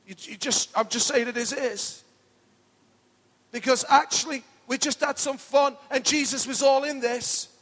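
A middle-aged pastor preaching an enthusiastic, pumped-up sermon in a church hall. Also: male voice, extremely high pitch, steady tone, moderate pace, fairly bright tone.

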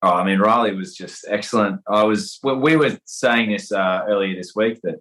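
A man's voice: on the low side, normal speed, fairly bright tone, rough recording. Rambling Australian actor, young man. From Perth, Western Australia. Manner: rambling, hesitant, many fillers and restarts. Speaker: guest actor. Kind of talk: casual interview chat.

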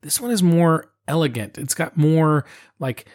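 An enthusiastic man co-hosting a relaxed wine tasting. He talks in loose, repetitive bursts and laughs often. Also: a little high, a little slow. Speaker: wine podcast co-host. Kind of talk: casual wine-tasting chat.

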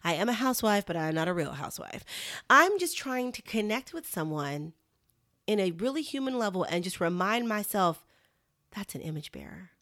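Very animated and fairly bright in tone, a middle-aged woman with a mid-range voice talks at a moderate pace, encouraging listeners earnestly and candidly. In this casual heartfelt talk to camera she says "y'all" and "you guys," captured in a dry, clean studio recording.

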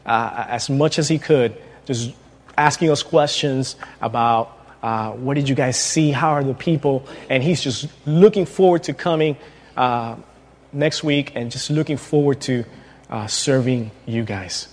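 A man's voice: mid-range voice, measured pace, big-room sound. A man giving a sermon as a guest preacher, with a hesitant manner full of fillers and restarts, speaking in a church. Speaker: guest preacher, pastoral intern. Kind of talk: sermon opening. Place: church sanctuary.

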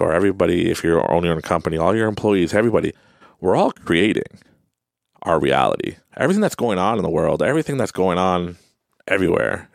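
Young male host, deep gravelly voice, lively and earnest motivational delivery, dry close sound. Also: no echo. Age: young adult. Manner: earnest, repetitive, animated, mimics others in high voices. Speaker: podcast host. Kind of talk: motivational talk.

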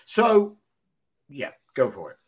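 Chill host dude, voice goes up and down a lot. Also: male voice, medium pitch, wildly swooping pitch, takes it slowly, husky. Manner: laid-back, says "dude". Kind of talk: casual podcast chat.

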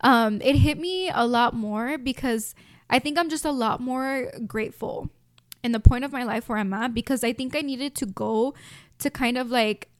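A young woman with a Mexican American accent, slightly high-pitched, talks straight to her listeners in a heartfelt, reflective monologue. She sounds choked up with emotion, and the sound is dry and close with no room echo. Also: normal speed. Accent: Mexican American English with Spanish mixed in. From United States. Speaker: podcast host.

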